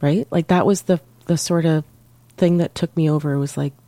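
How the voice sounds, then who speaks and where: A woman co-hosts a casual chat, her voice gravelly and croaky from a cold. She sits low in pitch with a mellow, dark tone. She talks reflectively, with halting pauses, close to the mic in a dry space. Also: steady tone, no room sound. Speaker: co-host.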